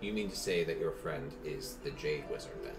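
A man voicing an old wizard headmaster who asks slow, measured questions over background music. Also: very deep voice, voice pushed down. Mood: grave.

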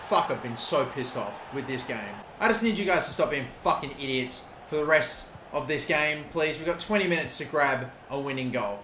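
A young Australian man giving gameplay commentary, excitable, swearing and shouting at big moments. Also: fairly high pitch. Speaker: gaming YouTuber. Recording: echoey room with faint noise.

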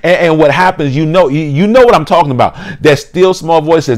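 A man preaching a sermon, full of restarts and repetitions, often dropping into a soft lowered voice to act out an inner voice. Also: lively intonation, brisk.

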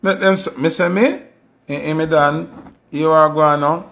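A man with a Jamaican Patois accent, telling stories in a casual monologue and acting out quoted voices with sudden high jumps. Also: fairly even intonation, a little slow, creaky, a bit bright. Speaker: commentator.

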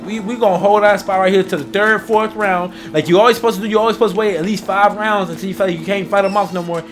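A man giving casual gameplay commentary as a gaming channel host, loud, profane and jokey, talking trash to the enemies. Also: high-pitched, steady tone, fast. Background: game music and gunfire.

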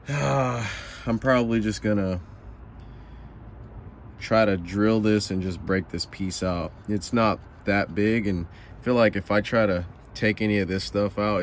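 Laid-back rambling man, lowish voice. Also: a bit bright, slight background noise. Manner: laid-back and rambling, full of fillers and restarts. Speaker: truck driver vlogger. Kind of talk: casual how-to vlog. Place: inside a truck cab.

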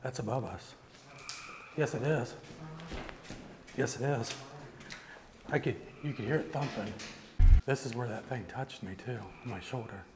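A man's voice: medium pitch, unhurried, long pauses. A man investigating a haunted prison, questioning the guide and calling out to spirits. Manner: calls out to spirits. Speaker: paranormal investigator. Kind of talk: ghost-hunting investigation. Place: dark prison corridors. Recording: long reverb with faint hiss.

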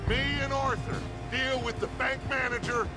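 An actor playing a grand, persuasive outlaw gang leader in a western game, giving commanding speeches. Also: male voice, extremely high pitch, fairly even intonation, moderate pace, over loud music.

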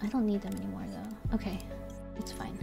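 A woman's voice: mid-range voice, flat delivery, a little fast, gravelly, loud music behind the voice. A woman streaming a card game, thinking aloud, swearing and squealing when things go wrong. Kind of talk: casual gameplay streaming.

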